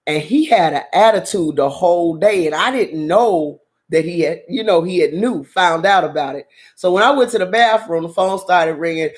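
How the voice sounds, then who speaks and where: A woman host casually telling a story in a blunt, profane, animated way, with frequent laughter. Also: lowish voice, normal speed, hardly any pauses. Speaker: drama channel host.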